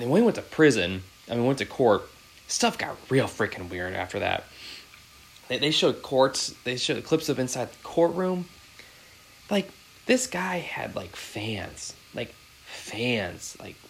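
A man's voice: medium pitch, expressive, measured pace, vocal fry, a bit bright, a little hiss or hum, poor audio. A man in his thirties hosting a podcast, chatting casually and rambling with many fillers. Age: 30s. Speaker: podcast host.

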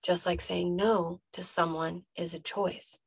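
A woman's voice: lowish voice, little pitch movement, measured pace, gravelly, husky, dry recording. A woman life coach giving a motivational podcast monologue, emphatic and talking straight to the listener, repeating punchy phrases.

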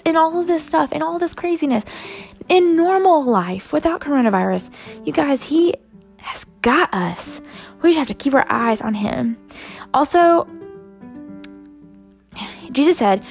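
Gravelly-voiced woman giving a casual devotional. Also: fairly high pitch, measured pace, long pauses, soft background music. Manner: rambling, many "um"s and "you guys". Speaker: Christian vlogger sharing a devotional.

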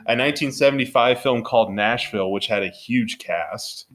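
A man's voice: medium pitch, normal speed, fairly bright tone. A man co-hosting a casual movie podcast, talking in an upbeat, rambling way full of fillers. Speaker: podcast co-host.

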